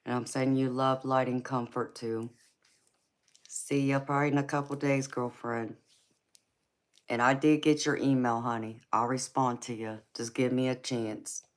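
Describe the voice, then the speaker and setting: A livestream tarot reader from California, this woman has a very deep voice with a level tone at normal speed and a Georgia Southern accent. Chatting casually with viewers, she laughs often, calls them honey and girlfriend, and keeps a friendly, talkative flow going.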